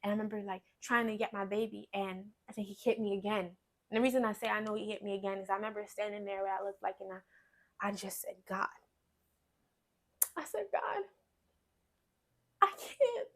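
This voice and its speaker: Woman haltingly telling her own story. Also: medium pitch, level tone. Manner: rambling, halting storytelling with many restarts. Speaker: guest sharing her testimony. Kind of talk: emotional personal testimony.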